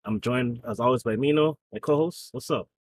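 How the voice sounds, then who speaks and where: A man hosts a casual talk podcast, chatting loosely with his co-host. His voice has a slightly husky edge and sits at an ordinary middle pitch. He talks in a relaxed way and keeps the conversation going with frequent short replies. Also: a little fast, no echo.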